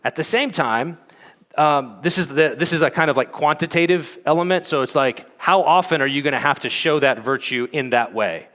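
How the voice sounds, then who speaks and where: A man's voice: a little high, moderate pace, a bit bright. A man giving a conference teaching talk in a conversational way, with frequent fillers and "okay?" check-ins to the audience. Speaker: conference speaker. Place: conference hall. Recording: long hall reverb.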